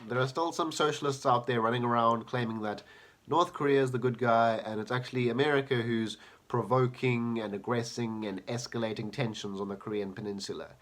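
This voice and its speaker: Combative male commentator. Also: medium pitch. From South Africa. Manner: combative, rhetorical questions, sarcastic asides. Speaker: political commentator. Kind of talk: argumentative video essay.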